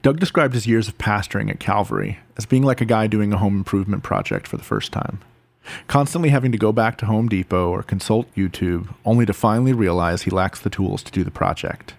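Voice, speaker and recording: A man reading scripted narration in a measured way. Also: on the low side, expressive, gravelly, dry recording.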